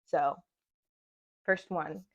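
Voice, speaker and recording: Chatty young woman, slightly low voice. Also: fairly even intonation, very slow, fairly bright tone. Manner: chatty, self-deprecating, laughs often. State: scratchy throat. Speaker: book vlogger. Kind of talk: casual chat to camera. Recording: dull lo-fi sound.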